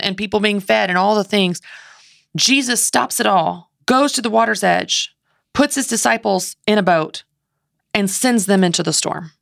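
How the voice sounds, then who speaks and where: Gravelly-voiced woman, impassioned storyteller. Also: mid-range voice, normal speed, fairly bright tone, no echo, clean studio sound. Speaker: guest author and speaker. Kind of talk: faith podcast interview.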